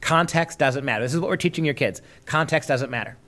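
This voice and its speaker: A man's voice: a little high, fast, a bit bright. Sarcastic male podcast host. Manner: sarcastic, mocking mimicry. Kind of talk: opinionated commentary.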